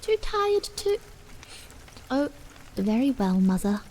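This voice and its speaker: A woman voicing an eager, chatty young daughter in whispered role-play, higher and brighter than her narration. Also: big pitch swings, takes it slowly, a little hiss or hum, poor audio.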